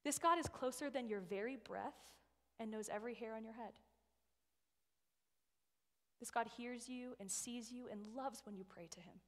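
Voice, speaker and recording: A woman's voice: on the high side, normal speed, pauses often. A woman in her thirties, a guest speaker giving a sermon in a chatty, personal storytelling way and often checking in with "right?". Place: church sanctuary. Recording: long hall reverb.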